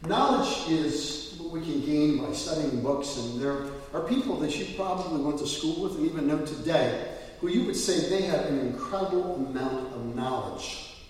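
A man's voice: a little high, lively intonation, normal speed. A man preaching as pastor, moving from scripture reading into loose, filler-laden storytelling. He is heard from far off the mic. A long, roomy echo fills the church around him. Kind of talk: sermon. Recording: echoey church hall from far off.

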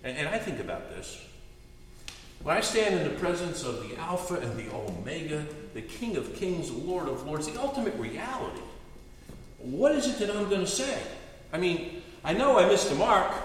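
Male pastor preaching, lively up and down voice, super echoey far off church sound. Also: high-pitched, moderate pace, a little hiss or hum. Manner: animated, storytelling, earnest. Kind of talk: sermon. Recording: echoey hall, distant mic.

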